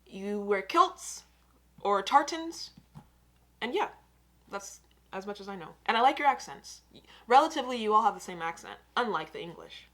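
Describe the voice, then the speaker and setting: Bright-voiced American woman reacting. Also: mid-range voice. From United States. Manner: chatty and opinionated, reacting aloud. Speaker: reaction video host. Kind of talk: casual reaction commentary.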